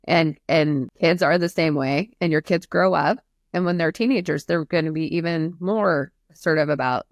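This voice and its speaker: A woman's voice: low-pitched, moderate pace, no room sound, clean studio sound. A woman therapist speaking earnestly and emphatically in a podcast conversation, explaining at length. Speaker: therapist guest.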